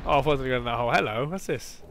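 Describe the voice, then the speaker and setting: A man giving excitable let's play commentary, jumpy and quick to swear or squeal when scared. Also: medium pitch, slight background noise. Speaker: gaming YouTuber.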